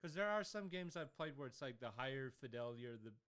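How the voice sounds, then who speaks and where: A man co-hosting a casual chat show, talking loudly with crude, laughing banter. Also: mid-range voice, expressive, fast. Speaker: podcast co-host.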